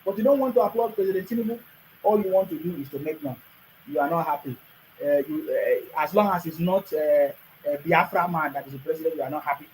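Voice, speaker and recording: A man's voice: fairly high pitch, fast talker, darkish tone, slight background noise, rough recording. A man with a Nigerian accent giving a combative political monologue, addressing critics directly and repeating phrases for emphasis. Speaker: political commentator. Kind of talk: monologue to camera.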